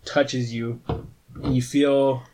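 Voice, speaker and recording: A man leads a tabletop game as game master, describing the action in a loose, casual way. He talks at a middle pitch, stops to restart his sentences and tosses in fillers as he goes. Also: level tone, drawn-out words, darkish tone.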